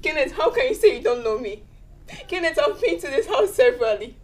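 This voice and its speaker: A crying young daughter, played by a woman, begs in a very high voice that breaks and swoops wildly as she sobs. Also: big pitch swings, fairly quick. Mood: pleading. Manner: pleading, sobbing. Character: tearful young daughter begging her father.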